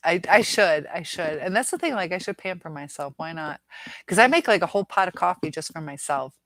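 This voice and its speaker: A woman's voice: on the low side, expressive, fairly quick, a bit bright, dry recording. A middle-aged woman hosting a casual live chat, reading viewers' comments aloud and musing on them with frequent laughs. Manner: chatty, laughs often, muses aloud.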